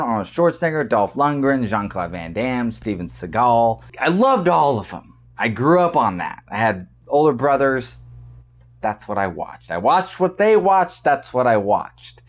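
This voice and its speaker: A man hosting a casual commentary vlog, animated and often repeating words as he argues his point. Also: mid-range voice. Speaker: vlog host.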